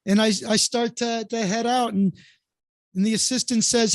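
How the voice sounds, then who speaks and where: A man with a notably high voice tells a rambling story as a guest, circling back with fillers and restarts. He is from Florida. The sound is dry and close. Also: steady tone, moderate pace, no echo. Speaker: guest comedian. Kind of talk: casual anecdote telling.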